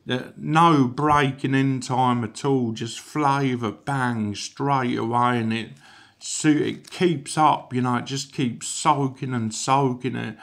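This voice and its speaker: A man's voice: medium pitch, fairly bright tone. A man giving a casual, rambling product review, chatty and full of asides. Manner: rambling, chatty, peppered with "you know".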